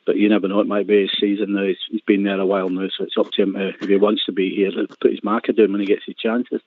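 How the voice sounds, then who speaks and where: A man's voice: lowish voice, little pitch movement, fast talker, no echo. A man co-hosting a football phone-in, talking hesitantly with many restarts. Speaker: co-host. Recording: dry tinny phone line.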